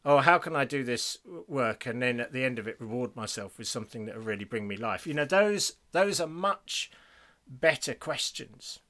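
A man co-hosting a faith podcast, chatty and quick to laugh, slowing down to stress a point. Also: medium pitch, expressive, a bit bright. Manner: chatty, laughs easily, slows down for emphasis. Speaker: podcast co-host reading listener emails. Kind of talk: casual faith discussion.

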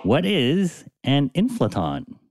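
A man's voice: fairly high pitch, wildly swooping pitch, slow, a little mellow, soft background music. A man co-hosting a casual science podcast, joking and laughing often. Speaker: podcast co-host.

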